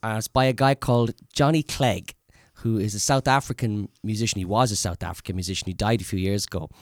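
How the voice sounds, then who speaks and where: A man's voice: on the low side, fast talker, no echo, clean studio sound. A man co-hosting a podcast, chatting casually and rambling with plenty of hesitations. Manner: rambling, hesitant with many ums. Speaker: podcast co-host. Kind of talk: casual chat.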